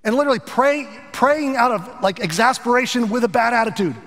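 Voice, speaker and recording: High-voiced man preaching in a big hall. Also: fairly quick, vocal fry. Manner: earnest, animated preaching with asides to the congregation. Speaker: pastor. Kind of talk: sermon.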